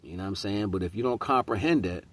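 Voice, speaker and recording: A man's voice: lowish voice, fast talker. A man giving a casual spiritual monologue in street slang, preaching about relationships and accountability and often asking "you know what I'm saying". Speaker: host.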